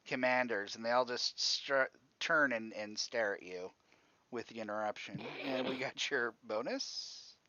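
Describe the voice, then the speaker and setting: A man's voice: medium pitch, sharp tone, dry recording, lo-fi sound. A man running a tabletop game as game master, who rambles, thinks aloud and laughs often.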